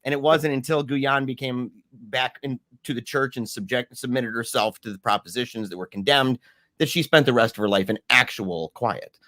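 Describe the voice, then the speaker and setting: A man guest telling a story in casual talk, animated, with many restarts and fillers. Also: mid-range voice, normal speed, no room sound, clean studio sound.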